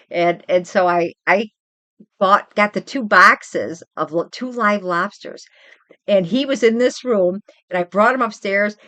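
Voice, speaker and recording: An older woman and grandmother hosting a casual livestream chat, rambling and animated as she tells stories from home. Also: fairly low pitch, dry recording. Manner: chatty, rambling, animated storytelling. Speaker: livestream host.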